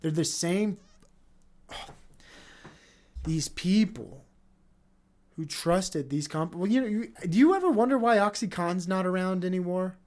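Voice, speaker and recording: A man's voice: sits high, animated, measured pace, pauses often, a little mellow. A man hosting a solo podcast, ranting off the cuff with heavy profanity and frequent restarts. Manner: profane, heated, rambling with restarts. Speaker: podcast host. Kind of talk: unscripted stream-of-consciousness rant.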